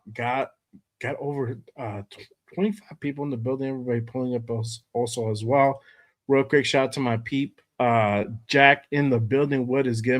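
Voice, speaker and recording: A man hosting a fan livestream from home, hoarse from a cold, laid-back and greeting viewers by name. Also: medium pitch. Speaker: host of a fan show. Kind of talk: casual livestream chat.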